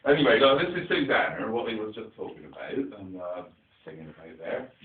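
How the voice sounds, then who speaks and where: Low-voiced man with a rural English dialect, a playful children's theatre entertainer, recorded distant and phone-like. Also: big pitch swings, brisk, roomy sound. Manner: chatty, playful, quizzes the children. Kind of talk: storytelling to a young audience.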